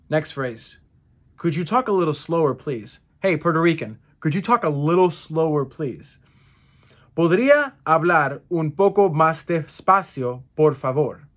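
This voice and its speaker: A man giving a casual language lesson, repeating each phrase slowly and correcting himself with fillers. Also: a little high, a bit bright. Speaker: Spanish phrase teacher.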